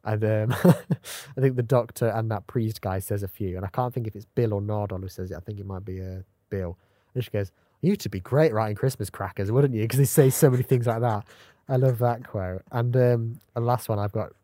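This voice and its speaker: Low-voiced man in casual podcast chat. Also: fairly quick, warm tone, no room sound, clean studio sound. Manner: quotes lines with bursts of laughter. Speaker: podcast co-host.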